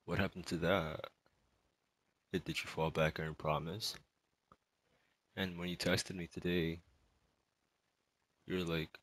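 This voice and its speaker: A distraught young male student in an emotional spoken monologue, rambling and halting, with many sighs and fillers. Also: sits low, steady tone, creaky, fairly bright tone, breathy edge, poor audio.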